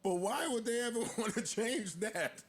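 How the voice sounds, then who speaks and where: A man's voice: very high voice, lively intonation, moderate pace, husky. A man on a discussion panel who makes his case in a loose, joking way. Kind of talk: panel debate.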